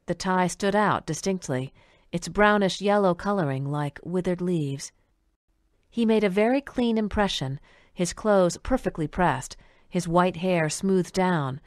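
A woman narrating an audiobook in a calm, even storytelling manner. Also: lowish voice, no echo, clean studio sound. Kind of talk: audiobook reading.

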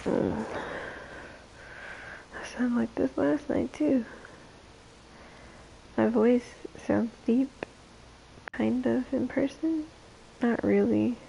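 A young woman hosts a late-night livestream in a drowsy, trailing-off way. Her voice sits a little high but runs rough and gravelly tonight, and her words come slowly. A faint hiss sits under the recording. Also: dark tone, highs cut off. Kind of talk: casual late-night stream chat.

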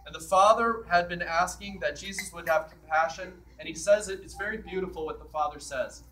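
A man's voice: on the high side, fairly quick, sharp tone, distant mic, low-quality recording. A man preaching a sermon as a priest in a church, in a conversational way that acts out the scripture quotes.

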